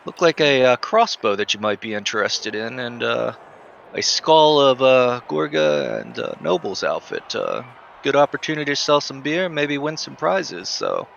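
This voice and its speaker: A man speaking as a player and his character in a tabletop game, halting with many uhs. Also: medium pitch, big pitch swings, gravelly, a bit bright. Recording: dull, slightly noisy stream audio.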